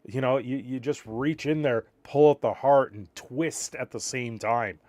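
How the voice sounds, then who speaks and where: A slightly tired man chats casually on a live stream and rambles as he reacts to his viewers' messages. His voice is mid-pitched and the recording is dry and close. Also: unhurried, darkish tone, no room sound. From Canada. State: a little tired.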